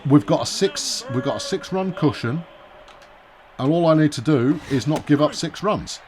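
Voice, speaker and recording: A man's voice: fairly high pitch, lively intonation, normal speed, slight background noise. A man giving wry, chatty commentary while he plays a baseball video game, often talking to himself. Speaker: gaming video host. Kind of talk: let's-play commentary.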